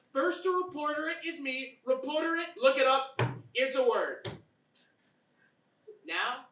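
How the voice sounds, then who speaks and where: A woman's voice: high-pitched, sharp tone, exaggerated voice. A woman playing a brash, conspiratorial TV pundit who rants and hypes a scandal in a comedy sketch. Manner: bombastic, ranting, conspiratorial. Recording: roomy, distant mic.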